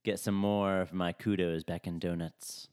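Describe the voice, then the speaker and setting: A man's voice: low-pitched, little pitch movement, normal speed, a little mellow, clear, resonant tone, dry recording, clean studio sound. A man co-hosting a casual podcast, teasing and joking in banter. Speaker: podcast co-host. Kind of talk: casual chat.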